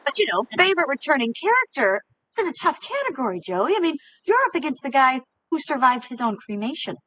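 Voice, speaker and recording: A sarcastic young woman in a sitcom, needling her friend. Her voice is high and swoops up and down with lively pitch. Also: fairly quick, rough recording. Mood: teasing. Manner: sarcastic, teasing.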